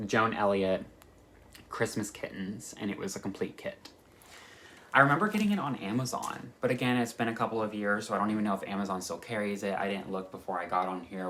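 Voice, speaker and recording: A man chatting excitedly as a cross-stitch vlogger, gushing about his stitching kits in a casual way. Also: low voice, slight background noise. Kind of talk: casual chat.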